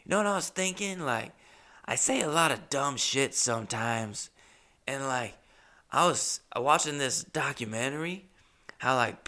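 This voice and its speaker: Figure: a dopey, rambling young man, dim and earnest as a storyteller puts him on. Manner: halting and raised in pitch, padded with "like," with a gravelly edge. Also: pushed and bright.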